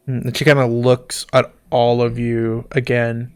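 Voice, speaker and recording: A man's voice: medium pitch, little pitch movement, unhurried, few pauses, darkish tone, clean tone. A man narrating a tabletop game as game master, playful and laughing often.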